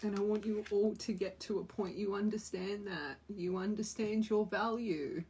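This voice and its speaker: A woman's voice: medium pitch, fairly even intonation, moderate pace, a little mellow, husky. A young woman giving a spiritual tarot reading to her viewers, earnest and emotional, often repeating phrases for emphasis. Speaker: tarot reader.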